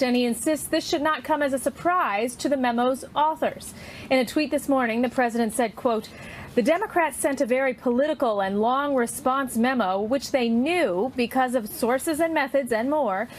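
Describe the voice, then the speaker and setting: High-voiced woman filing a news report. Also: slight background noise. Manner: measured, reads quotes steadily. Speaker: White House correspondent. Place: outdoors near the White House.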